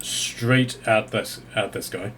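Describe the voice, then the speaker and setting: A man narrating a tabletop game as game master, often pausing mid-sentence to find his words. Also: fairly low pitch, a bit bright, slight background noise.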